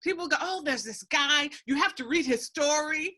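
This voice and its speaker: A woman interviewing a guest in casual conversation, friendly and quick to laugh. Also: high voice. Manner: warm, laughs easily, friendly questions.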